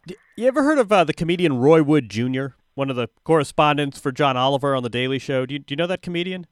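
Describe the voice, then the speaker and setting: A male interviewer asks his questions in a stop-start way, repeating himself as he feels his way forward. His voice is a bit higher than most men's. The recording is close and dry. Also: lively intonation, clear, resonant tone, no echo. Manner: halting, repeats words while asking questions. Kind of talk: conversational interview.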